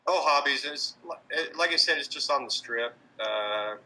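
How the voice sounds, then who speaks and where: A man's voice: medium pitch, normal speed, pushed and bright, poor audio. A man answering interview questions about his street performing, hesitant, with many fillers and restarts. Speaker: street performer in mobster costume.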